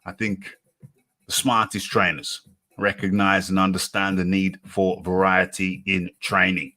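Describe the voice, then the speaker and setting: Deep voiced guy chatting boxing, slow and halting, bright edge to it. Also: level tone. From United Kingdom. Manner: slow, halting, repeats himself. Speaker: boxing talk show host. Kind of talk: casual boxing chat.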